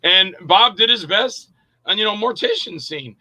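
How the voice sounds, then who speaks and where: A man's voice: sits high, normal speed, rough recording. A man, an actor and director, casually telling rambling anecdotes in an interview and acting out other people's lines. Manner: lively storyteller who acts out other people's lines; loose and rambling, with profanity.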